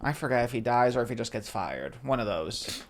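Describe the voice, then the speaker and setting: A man's voice: medium pitch, lively intonation, a little fast. Thoughtful man musing in casual chat. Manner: thoughtful, hedging with "like" and "I think".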